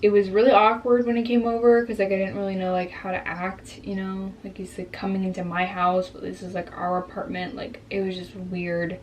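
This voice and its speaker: A woman's voice: mid-range voice, a little hiss or hum. A woman in her twenties telling a personal story in a candid vlog, reflective and openly emotional. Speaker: vlogger.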